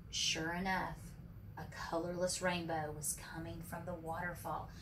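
A woman preschool teacher reading a picture book aloud to young children, animated for the character lines and asking the kids questions. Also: lowish voice, moderate pace. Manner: asks children questions and calls them friends. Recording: distant from the mic with faint background noise.

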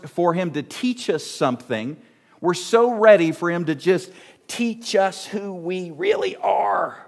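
A middle-aged male pastor delivers a sermon at a slow, measured pace. His voice sits on the higher side for a man. He keeps turning to the congregation with direct questions. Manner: asks the audience many direct questions.

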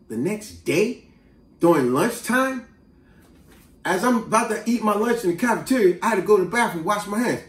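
A man casually telling a story from his school days in a slangy, animated way, with lots of asides. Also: high voice. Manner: animated, street-slang storyteller who breaks into asides and acted quotes. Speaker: vlogger. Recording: roomy, distant mic.

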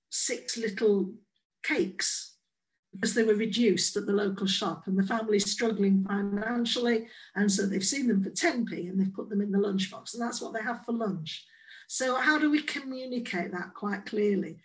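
An English woman giving a conference presentation, playful and lively, acting out the quoted voices in her examples. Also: mid-range voice, moderate pace, poor audio. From England. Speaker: conference speaker.

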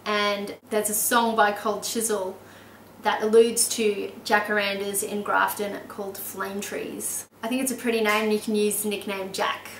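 A woman's voice: mid-range voice, flat delivery, moderate pace, fairly bright tone, echoey room, far from the mic, a little hiss or hum, low-quality recording. An Australian woman talking casually and enthusiastically in a vlog, often laughing as she explains things. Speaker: baby name vlogger.

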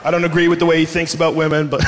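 A man from Boston doing a stand-up comedy routine on stage, telling loud, profane stories and acting out voices. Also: a little high, quick pace. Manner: loud, animated, profane storytelling with acted-out voices. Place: comedy stage in front of a live audience. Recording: live club stage mic, long hall reverb, audience noise.

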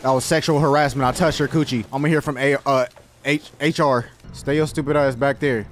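A man giving excitable, profane let's-play commentary as he plays a game, yelping and shouting when startled. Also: mid-range voice, a little fast, soft background music. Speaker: gaming video host.

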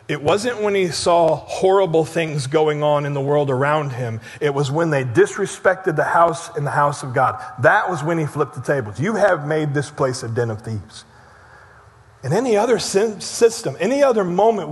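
A man preaching a sermon as pastor, telling stories with energy and dropping to soft, low tones for emphasis. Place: church sanctuary. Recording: church hall reverb.

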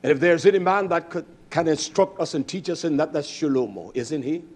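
A man preaching a sermon, emphatic, swinging between loud bursts and low murmurs and asking his listeners direct questions. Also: brisk. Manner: addresses congregation directly with questions.

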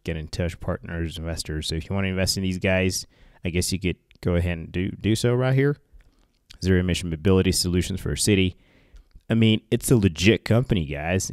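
A man's voice: deep voice, darkish tone, no echo, clean studio sound. A man from Africa giving a chatty, rambling commentary while browsing a website, often calling his viewers guys. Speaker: tech vlogger. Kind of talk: casual screen-share commentary.

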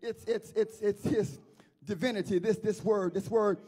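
A man's voice: high voice, fairly even intonation, moderate pace, darkish tone, breathy edge. A middle-aged male pastor preaching a sermon with a chanting call-and-response delivery.

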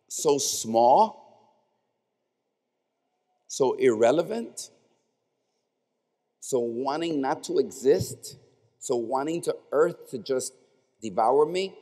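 In a large indoor arena, a man delivers a commencement speech into a podium microphone with impassioned, repetitive oratory. His voice is mid-range and mellow, and the echoey space adds long reverb.

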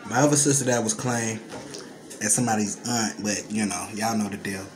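A man speaks low and close to his phone camera, his voice choked up and broken by heavy sighs. A steady noise hums behind him at home, and the talk stays loose and personal, made for his followers. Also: brisk. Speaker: vlogger. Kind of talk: casual vlog to followers. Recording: noticeable room noise.

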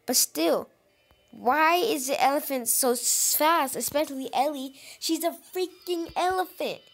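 Excitable high-voiced woman gaming. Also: unhurried, faint music behind. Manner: excitable, talks to viewers, frequent exclamations. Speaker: gaming channel host. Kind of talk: let's-play gaming commentary.

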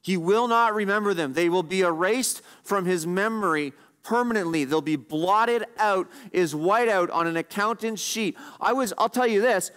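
High-voiced man preaching a sermon. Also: fairly bright tone, smooth. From Canada. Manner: earnest, asks the congregation repeated questions; slows right down to stress scripture. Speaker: pastor.

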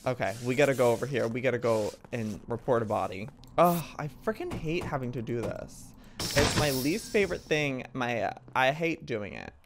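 A man's voice: medium pitch, expressive, normal speed, noisy background. A man in his thirties, chattering to himself while playing an online game. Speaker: gaming video host. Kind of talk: casual gameplay commentary.

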